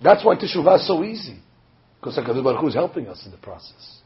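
A man, a rabbi, preaching a sermon with animated storytelling, acting out the voices he quotes. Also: fairly high pitch, fast. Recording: dull lo-fi recording.

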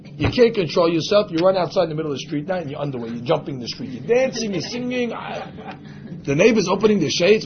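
A man's voice: a little high, sing-song, fast, muffled recording, a crowd in the background. A man teaching a religious class, speaking emphatically and acting out the voices of imagined people. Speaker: Torah teacher.

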